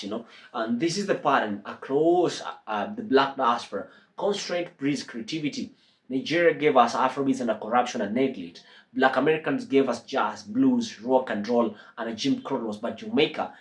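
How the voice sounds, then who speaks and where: Conversational man hosting commentary. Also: medium pitch. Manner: conversational, with filler "uh" and "huh". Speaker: commentary host. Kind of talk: casual commentary.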